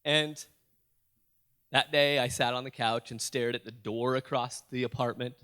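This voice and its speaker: Animated man telling a story onstage. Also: medium pitch, unhurried, smooth. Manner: animated, addresses the audience with questions and jokes. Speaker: motivational youth speaker. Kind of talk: storytelling keynote speech. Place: school auditorium.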